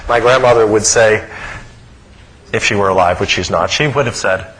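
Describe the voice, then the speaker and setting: A middle-aged man giving a psychology lecture in an animated way, often pausing to ask his listeners "okay?". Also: fairly low pitch, rough recording. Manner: animated, frequent "okay?" check-ins.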